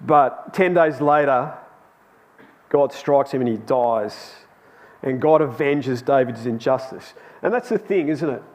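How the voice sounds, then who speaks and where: A man's voice: mid-range voice, a little slow, a little mellow. A man telling a personal story in a chatty, anecdotal sermon to a youth Bible class in a church hall. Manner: chatty and anecdotal, with laughs and restarts.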